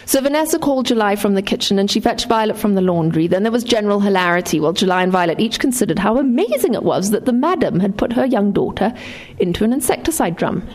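A woman's voice: mid-range voice, animated, fast talker, darkish tone, a little hiss or hum. A woman born in England reading her own memoir with dry wit, then talking about writing it. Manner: dry, wry storytelling.

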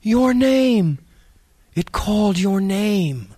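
A man voicing a terrified teenage boy whose voice turns into a high screech. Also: steady tone, moderate pace, bright, forceful tone, dry recording, clean studio sound, heavily acted. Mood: frightened.

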